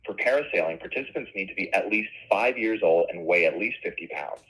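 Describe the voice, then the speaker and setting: Upbeat synthetic male phone agent, quick. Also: low voice. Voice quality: upbeat, polished and even. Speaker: AI voice agent for a tour company. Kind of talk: scripted customer service phone agent. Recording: phone-line sound.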